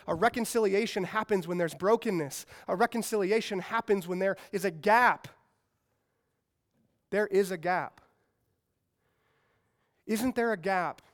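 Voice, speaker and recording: A man with a high, light voice preaches a sermon to a congregation. He is emphatic and repeats key phrases, building to loud peaks before dropping back down. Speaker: pastor. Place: church service.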